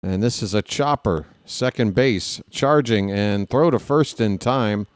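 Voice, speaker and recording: A man calling a ballgame at an unhurried pace, drifting into joking, rambling asides between pitches. His voice is dry and close, with no room sound around it. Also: dry recording. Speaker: play-by-play announcer. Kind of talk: casual live baseball play-by-play.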